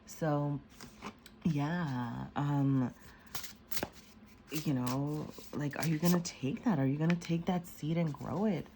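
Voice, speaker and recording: Low-voiced rambling woman reading tarot. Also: slow pace, pauses often, slight background noise. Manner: rambling and excitable, with frequent apologies and laughter. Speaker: tarot reader. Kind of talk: casual pick-a-card tarot reading.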